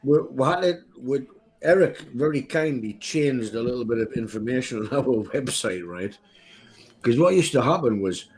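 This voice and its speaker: A man's voice: medium pitch, darkish tone. A man with a Geordie accent, co-hosting a podcast and ranting through a story in a casual chat, swearing freely. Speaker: podcast co-host.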